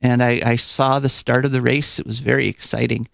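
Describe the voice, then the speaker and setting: A man's voice: medium pitch, level tone, a little fast, gravelly, no room sound. A man hosting a live call-in radio show, chatty and rambling with fillers, a little out of breath. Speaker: radio host. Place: radio studio. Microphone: studio microphone.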